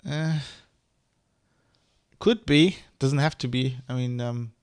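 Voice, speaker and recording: A man's voice: mid-range voice, slow, clean tone, no echo, clean studio sound. A man with a mother tongue, ranting in a casual vlog, rambling and heated, with many restarts and swearing. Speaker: vlogger. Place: Germany.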